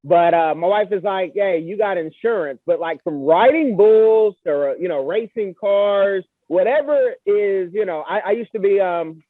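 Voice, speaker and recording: A man's voice: high-pitched, lively intonation, unhurried, hardly any pauses, dry recording. A man hosting a podcast, chatting in a rambling, self-deprecating way. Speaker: podcast host. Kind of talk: casual podcast interview. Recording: tinny phone-like dry line.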